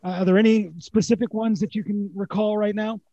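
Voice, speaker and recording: A man asking an interview guest a quick, eager question in a recorded clip. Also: high voice, steady tone, mellow, dry recording. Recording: dull lo-fi clip from off-mic.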